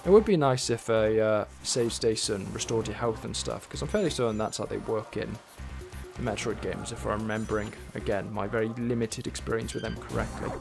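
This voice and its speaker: A man's voice: lowish voice, a little fast, gravelly. Male game streamer, casual wry self-talk while playing, faint music underneath. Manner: rambling, wry, talks to himself and the game. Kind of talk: casual gameplay commentary.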